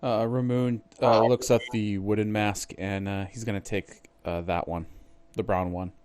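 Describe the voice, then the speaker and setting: A man's voice: on the low side, level tone, measured pace, a little mellow, clean tone. Hesitant man playing a tabletop game. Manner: hesitant, with frequent "uh". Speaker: player. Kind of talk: describing his character's actions in a tabletop game.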